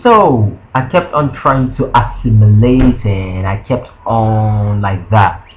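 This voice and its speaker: A young man telling a story from his school days in an animated, profane, indignant way. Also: on the low side, slow, faint music behind. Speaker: vlogger. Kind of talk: storytime rant. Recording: dull lo-fi recording.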